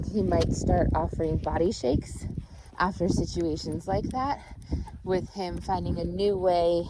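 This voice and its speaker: A woman's voice: lowish voice, background noise. A young woman dog trainer, speaking outdoors on a walk, patiently explaining her steps and checking in with "right?".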